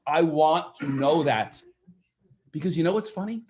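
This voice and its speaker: A man giving a lively seminar talk to an audience of agents, asking them questions and acting out what clients say. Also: on the high side, moderate pace. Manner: energetic, asks the audience questions, acts out quoted clients. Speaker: real estate sales trainer.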